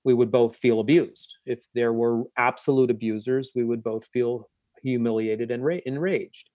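A man, a psychotherapist, telling a personal story in a reflective, halting way, with many restarts. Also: mid-range voice, steady tone, darkish tone, dry recording. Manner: reflective, with frequent restarts and fillers. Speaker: guest psychotherapist. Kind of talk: conversational storytelling.

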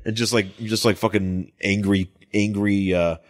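A man's voice: lowish voice, fairly even intonation, a little slow. A man co-hosting a comic book podcast, chatting casually in a rambling, joking way with plenty of swearing. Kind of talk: casual chat.

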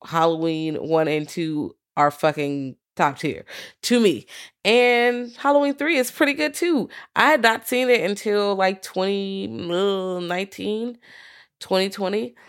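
A woman's voice: medium pitch, unhurried, clear, resonant tone. A woman co-hosting a casual horror movie chat, emphatic and defiant. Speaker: podcast co-host.

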